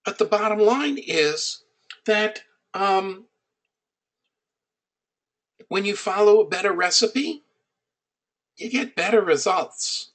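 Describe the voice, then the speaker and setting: A man's voice: sits high, lively intonation, takes it slowly, long pauses, fairly bright tone. A middle-aged man coaching an audience on building an online business. He teaches through personal stories and speaks in a conversational, anecdotal way, hitting his key points with emphasis.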